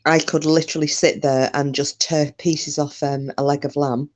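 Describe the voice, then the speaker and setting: A woman's voice: sits low, flat delivery, normal speed. A British woman hosting a live stream, rambling chattily and answering viewers' comments by name. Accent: British English. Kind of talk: casual live-stream chat.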